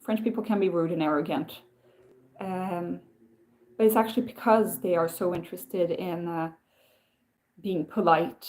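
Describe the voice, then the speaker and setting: A woman's voice: fairly low pitch, darkish tone. A woman from Sweden chatting on a livestream, rambling and musing with lots of "like" and "um". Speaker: livestream host. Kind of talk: casual livestream chat.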